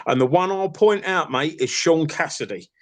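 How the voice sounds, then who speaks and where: A man's voice: fairly high pitch, moderate pace, a bit bright. A man arguing on an online call, rambling and insistent, full of fillers and calling people fella and mate. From East London. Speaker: participant in an online call-in argument. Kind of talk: heated casual argument.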